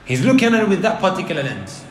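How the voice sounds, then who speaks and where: Animated preacher, slightly high voice. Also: male voice, fast talker, slight background noise. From Leicester, England. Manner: animated, throws rhetorical questions at the audience. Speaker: Islamic preacher. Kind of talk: religious lecture to a live audience. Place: indoor hall with an audience. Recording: roomy lecture hall.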